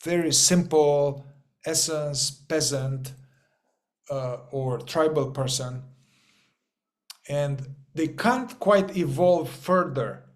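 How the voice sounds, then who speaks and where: A man with a slightly raised pitch talks through a spiritual teaching to a group. His delivery is loose and informal, full of restarts and repeated words. He swears offhandedly and acts out little inner voices. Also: slow pace, pauses often.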